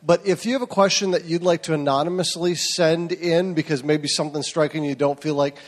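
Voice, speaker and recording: A man making relaxed announcements to a crowd as an event organizer. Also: a little high, brisk.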